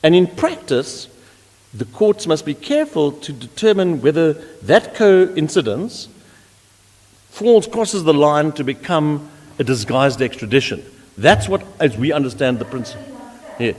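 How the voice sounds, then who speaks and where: Animated, emphatic male advocate in court. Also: on the high side, measured pace. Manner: animated, emphatic, with frequent restarts. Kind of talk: courtroom legal argument. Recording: reverberant courtroom audio.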